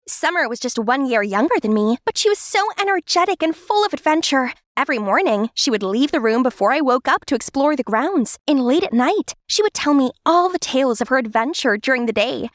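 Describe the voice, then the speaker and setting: A young woman narrating an animated story in the first person, with a lively, expressive delivery. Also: high-pitched, a little fast, hardly any pauses, no echo, clean studio sound.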